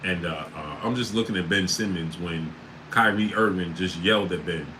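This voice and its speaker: A man hosting a casual sports livestream, reading out chat names and breaking into loud disbelief. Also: low-pitched, normal speed, background noise.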